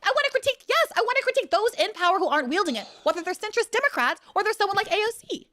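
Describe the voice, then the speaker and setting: A woman's voice: very high-pitched, sing-song, very fast, pushed and bright. A woman arguing in a heated political debate, talking in a passionate, emphatic way.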